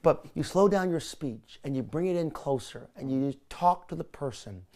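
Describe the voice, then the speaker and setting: A man's voice: a little high, expressive, normal speed, darkish tone. A man coaching someone on speaking to camera, talking energetically with lots of emphasis and repetition. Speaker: video presentation coach. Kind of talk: coaching session. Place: California.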